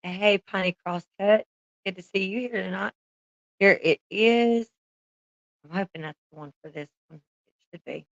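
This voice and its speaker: A woman's voice: mid-range voice, moderate pace, pauses often, dry recording, highs cut off. A woman chatting casually on a livestream, laughing often and swearing freely as she talks to her viewers.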